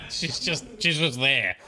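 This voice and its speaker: A man's voice: medium pitch, expressive, slow, pushed and bright. A young man with an Australian accent, chatting and thinking aloud while streaming a game, often laughing. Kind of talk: live-stream gameplay commentary.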